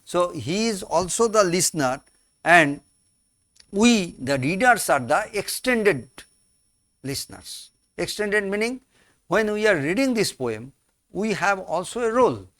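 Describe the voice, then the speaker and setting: A man, teaching a poem slowly in class, repeating and rephrasing key words. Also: sits high, big pitch swings, a bit bright, no echo, studio quality. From India. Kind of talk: slow classroom explanation of a poem.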